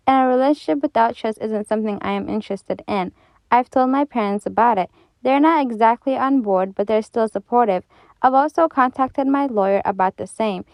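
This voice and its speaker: A woman giving casual commentary on an online story, animated and exasperated, with lots of fillers and restarts. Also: on the high side, vocal fry, no echo.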